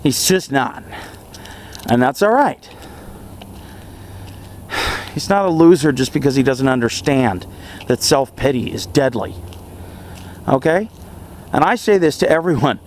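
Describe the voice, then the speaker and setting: A young man in a casual self-help vlog monologue, earnest and animated, chuckling often as he talks. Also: mid-range voice, a little slow, long pauses, slight background noise. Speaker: vlogger.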